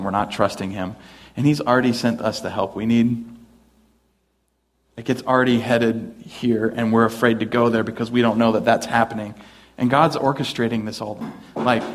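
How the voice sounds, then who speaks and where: Man preaching a casual sermon. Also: mid-range voice. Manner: conversational, with restarts and acted quotes. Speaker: pastor.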